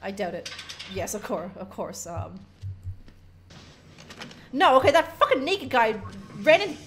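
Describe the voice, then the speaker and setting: A woman's voice: on the high side, big pitch swings, a little slow, a bit bright, slight background noise. A young woman giving casual, profane, jokey commentary while playing a horror game, reading in-game notes aloud with sarcastic asides.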